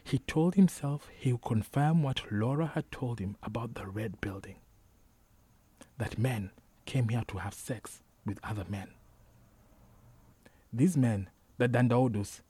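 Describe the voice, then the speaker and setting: A man reading a novel aloud as a narrator, measured and unhurried, sometimes dropping to a whisper. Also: mid-range voice, mellow, slightly rough, no echo. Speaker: audiobook narrator. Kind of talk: scripted narration.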